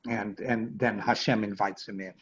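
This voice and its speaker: A man's voice: lowish voice, steady tone, normal speed, fairly bright tone, husky. A male rabbi giving a conversational class, hesitant, with many fillers and restarts, over a video call. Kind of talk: conversational lecture. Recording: dull lo-fi video call audio.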